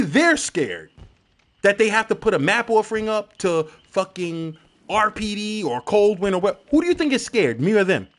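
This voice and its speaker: Give me a male streamer with a high-pitched, swooping voice, ranting hard at his chat. He is animated and crude, and his tone climbs and dips all the time. He is a young adult talking casually over his gameplay. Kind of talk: live-stream gaming commentary.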